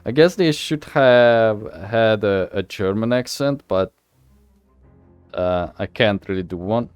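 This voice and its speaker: A man's voice: lowish voice, slow pace, clear, resonant tone, no echo, faint music behind. A man casually narrating a game he is playing, rambling and self-deprecating. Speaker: gamer reading and playing.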